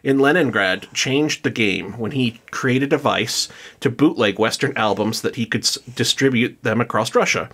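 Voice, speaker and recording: A man's voice: mid-range voice, normal speed, a bit bright, breathy edge. Joking man co-hosting a podcast. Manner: jokey, loose, many fillers and restarts. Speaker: podcast co-host. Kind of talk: casual chat, reading notes.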